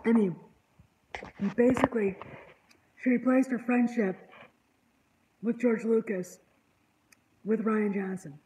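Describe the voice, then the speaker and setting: A woman's voice: fairly high pitch, steady tone, slow pace, pauses often, dark tone, slight background noise, low-quality recording. A woman hosting an online channel, rambling in casual panel chat with an exasperated, indignant tone.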